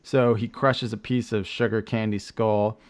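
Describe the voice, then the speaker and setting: A man's voice: on the low side, little pitch movement, unhurried, clear, resonant tone. A man hosting a podcast, casually recapping with lots of fillers, restarts and joking asides. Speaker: podcast host. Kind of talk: casual chat.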